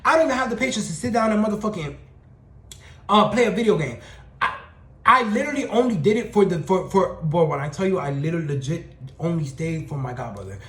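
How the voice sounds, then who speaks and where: A young man with a high voice tells his story at a rapid clip, full of slang and swearing. He sounds sassy and animated. The room echoes around him. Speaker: storytime vlogger. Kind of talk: casual storytelling rant.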